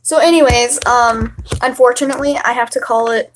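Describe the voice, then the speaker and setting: A woman's voice: fairly high pitch, brisk, slight background noise. A young woman chatting casually and rambling on a home livestream. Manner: chatty and rambling, many fillers. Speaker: livestream host.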